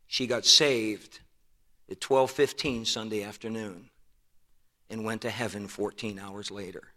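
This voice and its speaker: Older male preacher, bright forceful tone, earnest storyteller, church with long reverb. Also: mid-range voice, fairly even intonation. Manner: earnest storytelling, drops soft and slow at emotional moments. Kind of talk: sermon with personal story. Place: church sanctuary.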